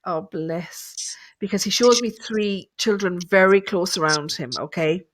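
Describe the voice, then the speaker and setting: A woman doing a live reading as a medium reassures her caller in a chatty way, thinking aloud and using lots of fillers. Her voice is medium-pitched and her pace unhurried.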